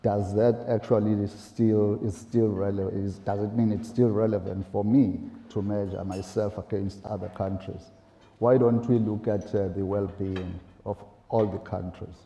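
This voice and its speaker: A man speaking on a panel in a gravelly, very dark voice. He talks haltingly, with fillers and rhetorical questions, and his voice rings in an echoey room. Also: on the low side, level tone. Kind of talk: panel discussion. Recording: roomy echo.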